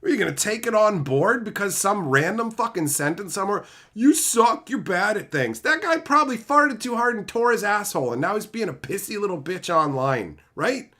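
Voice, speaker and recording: Profane ranting male streamer, wildly animated. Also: normal speed, few pauses. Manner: profane, ranting, swings from loud outbursts to low mutters. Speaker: streamer reading live chat. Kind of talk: livestream rant.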